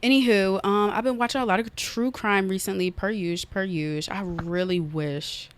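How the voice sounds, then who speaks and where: A young woman hosting a casual podcast, retelling a story in an animated, fast way and acting out her own outbursts, recorded on an iPad. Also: mid-range voice, clean tone. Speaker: podcast host. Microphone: iPad on an unsteady stand.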